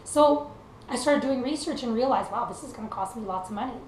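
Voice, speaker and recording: With a fairly high pitch and a somewhat dark tone, a young Canadian country singer speaks a bit fast. Her motivational talk is earnest and casual, with plenty of fillers, and the echoey room has slight background noise.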